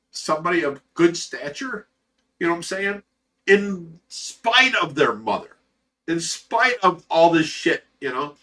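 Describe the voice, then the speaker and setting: A man's voice: fairly high pitch, pushed and bright, far from the mic. A middle-aged man hosting a livestream, reading chat aloud and giving blunt, profane, earnest fatherly advice.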